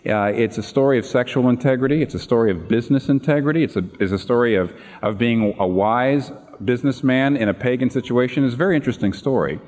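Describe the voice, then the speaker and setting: A man preaching a sermon, retelling a Bible story with animated storytelling and acted-out lines. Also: mid-range voice, fast talker, hardly any pauses. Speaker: pastor. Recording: reverberant hall.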